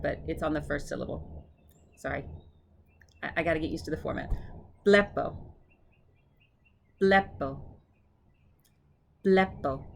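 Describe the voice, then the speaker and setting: A woman tutoring her classmates, casually explaining each word and then repeating it slowly and clearly. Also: deep voice. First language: English. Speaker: seminary student tutoring classmates. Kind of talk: informal pronunciation drill.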